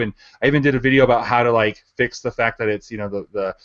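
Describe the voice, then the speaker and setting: A man's voice: medium pitch, steady tone, fast, fairly bright tone, lo-fi sound. A man hosting a casual panel chat over a video call, rambling with lots of fillers. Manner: rambling, filler-heavy, laughs often. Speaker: host. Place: home in the mountains.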